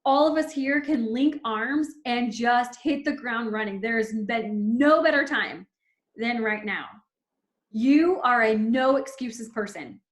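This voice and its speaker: A woman's voice: fairly high pitch, animated, a little slow, reverberant. A woman in her thirties leading a team call, giving an emphatic, fervent motivational pep talk. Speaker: team leader.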